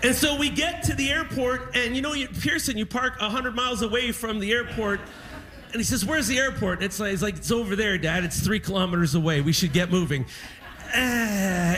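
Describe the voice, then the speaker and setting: A man doing stand-up comedy at a live show, telling a story with animated energy and acting out gruff exclamations. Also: sits high. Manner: animated, acts out his father's gruff exclamations.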